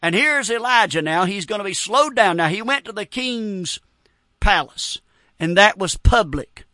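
A man's voice: high-pitched, expressive, a little slow, bright, forceful tone, dry recording. A middle-aged man preaching a sermon in an earnest, folksy way, quoting old-fashioned scripture. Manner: earnest, folksy, quotes scripture in King James wording.

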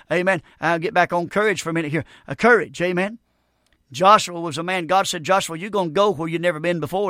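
A man's voice: high-pitched, fairly bright tone, no room sound, clean studio sound. A man preaching a revival sermon in a folksy, emphatic way, calling out "amen" and "friend" to the congregation.

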